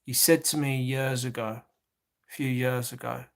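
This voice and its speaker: A man's voice: medium pitch, fairly even intonation, normal speed, gravelly. A man telling a long personal story in an agitated, repetitive rant, swearing often. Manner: agitated, swears heavily, repeats himself.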